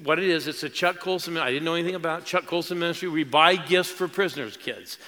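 A man's voice: fairly high pitch, fast, bright, forceful tone. A middle-aged male pastor preaching a sermon, telling stories emotionally and building to exclamations. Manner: emotional, storytelling with rising exclamations. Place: large church auditorium. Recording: reverberant hall with crowd behind.

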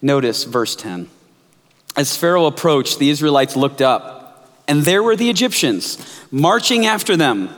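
A male pastor delivering a sermon in an animated storytelling manner. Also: on the high side, unhurried. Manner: animated storytelling, jumps into character voices. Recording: echoey hall.

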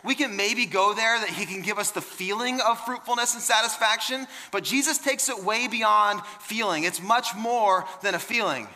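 A man preaching with a bright, forceful voice that rings out through a reverberant church hall. His delivery is emphatic and conversational, full of quick repeats and restarts as he presses his points. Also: sits high. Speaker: pastor. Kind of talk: sermon.

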